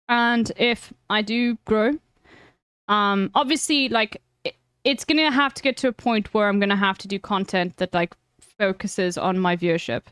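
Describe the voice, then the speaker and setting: A woman's voice: mid-range voice, a bit bright, smooth, no room sound, studio quality. Blunt, swearing woman streamer. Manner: blunt, swears freely, frank advice. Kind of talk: casual chat with viewers.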